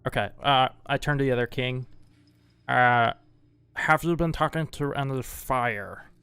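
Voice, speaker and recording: A man's voice: mid-range voice, unhurried, pushed and bright, clean tone, no echo. A man playing a tabletop game, asking hesitant questions. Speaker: player. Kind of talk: casual chat.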